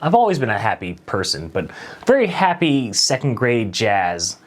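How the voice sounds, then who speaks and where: Animated man telling a personal story. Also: lowish voice, normal speed. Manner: animated, conversational, self-deprecating. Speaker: late-night show host.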